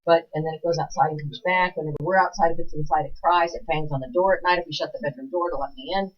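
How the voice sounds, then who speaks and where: A woman's voice: deep voice, steady tone, fast talker. A woman co-hosting a local TV talk show, chatting in a rambling, talkative way and laughing often. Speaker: TV show co-host. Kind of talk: casual chat. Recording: dull lo-fi livestream audio.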